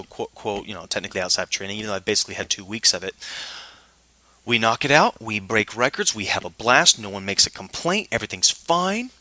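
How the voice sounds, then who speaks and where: Bright-voiced man venting a personal story. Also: fairly low pitch, dry recording. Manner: animated storytelling, acts out quoted dialogue; frustrated, indignant retelling. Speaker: vlogger telling a personal story. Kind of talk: casual monologue.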